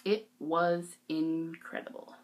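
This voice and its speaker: A teenage girl vlogging, telling a story casually, giggly and excitable with lots of "like". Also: low voice, slow.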